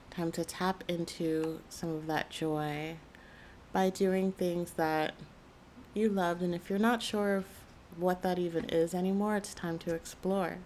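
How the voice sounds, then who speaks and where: A woman giving a soft, soothing channeled spiritual reading, with a gravelly morning voice. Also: lowish voice, slight background noise. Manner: slow, soft and soothing, gentle guidance. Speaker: intuitive reader. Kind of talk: channeled tarot-style reading.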